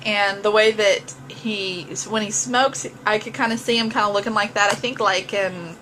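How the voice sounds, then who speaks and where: A young woman chats to camera on a book vlog. Her voice is bright and a little high, and she talks in a giggly, gushing way. Faint music plays behind her. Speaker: book vlogger host. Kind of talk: casual chat to camera.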